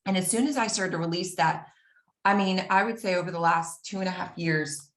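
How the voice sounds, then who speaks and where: Woman, earnest personal storytelling, acts out dialogue, lowish voice, echoey room. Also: a little fast, a bit bright.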